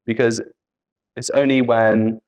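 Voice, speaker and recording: A man's voice: medium pitch, little pitch movement, takes it slowly, a little mellow. A man teaching an English spelling lesson, patiently repeating letters and example words.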